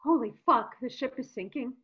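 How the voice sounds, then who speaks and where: An actress playing a greedy, entitled young newlywed with profane, theatrical outbursts in a comedic audio drama. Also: female voice, high-pitched, normal speed, highs cut off, natural voice. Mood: outraged.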